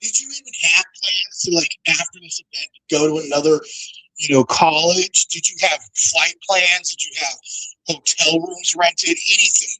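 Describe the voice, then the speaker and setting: A man in casual livestream chat from home, excitable, cursing freely and laughing often. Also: a little high, normal speed, rough recording.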